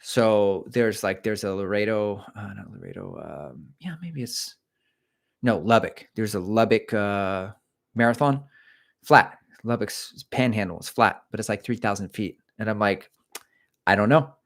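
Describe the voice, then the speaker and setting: A man's voice: lowish voice, measured pace, vocal fry. A middle-aged man hosting a casual livestream, reading out viewer comments and chatting in a rambling, self-deprecating way.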